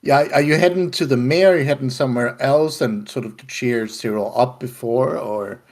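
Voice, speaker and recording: A man narrating as game master of a tabletop game, halting often with fillers and restarts. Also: mid-range voice, a little mellow.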